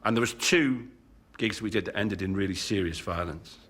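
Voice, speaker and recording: A man's voice: lowish voice, normal speed, fairly bright tone, slightly rough. A man, a comedian, speaking reflectively in an interview, hedging with "you know" and throwing in sound effects. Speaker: comedian guest.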